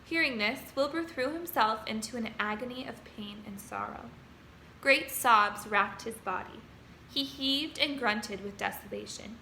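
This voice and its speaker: A woman teacher reading a children's novel aloud to her students with expressive storytelling. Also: a little high, unhurried, gravelly, slight background noise. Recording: roomy room echo.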